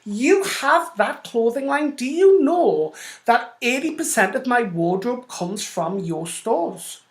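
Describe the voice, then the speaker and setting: Woman doing a chirpy young games designer; high, eager, with room echo. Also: lively intonation, takes it slowly. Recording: roomy echo.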